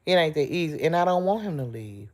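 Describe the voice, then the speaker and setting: A woman's voice: deep voice, lively intonation, fast. A middle-aged woman hosting a livestream, chatting in a heartfelt, emotional way straight to her viewers. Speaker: livestream host. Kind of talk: casual livestream chat with viewers.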